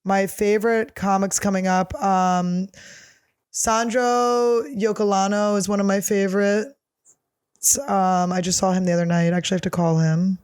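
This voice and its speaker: A woman's voice: medium pitch, steady tone, normal speed, darkish tone, clean tone, no echo, studio quality. A woman comedian in her thirties, answering listener questions in a casual solo chat, blunt, crude and self-mocking.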